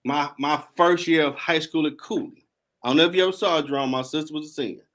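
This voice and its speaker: A man hosting a casual chat, telling animated, laughing stories in slangy talk. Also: on the high side, fast talker, background noise. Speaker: host.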